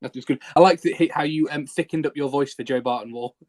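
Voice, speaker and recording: A man hosting a casual podcast chat, hesitant with fillers and quick laughs. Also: mid-range voice, darkish tone, no echo. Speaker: podcast host.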